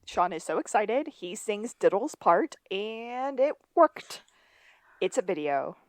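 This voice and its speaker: A woman's voice: medium pitch, very animated, takes it slowly, no echo. A woman co-hosting a podcast, narrating an episode recap in casual chat. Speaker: podcast co-host.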